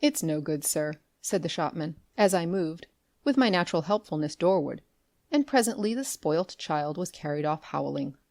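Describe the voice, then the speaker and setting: A woman reads a classic tale aloud in an expressive, animated storytelling voice. Her voice sits on the low side, and the recording is close and dry. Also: moderate pace, dry recording. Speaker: audiobook narrator. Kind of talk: scripted narration.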